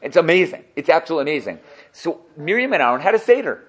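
A man giving a casual Torah class, animated and joking, who acts out little dialogues as he explains. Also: on the high side, quick pace. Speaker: Torah teacher.

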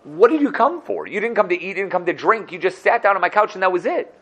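A man's voice: on the high side, big pitch swings, unhurried, bright, forceful tone, voice pushed up, full character voice. A man voicing a wealthy, anxious bank manager who pleads and insists. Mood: apologetic.

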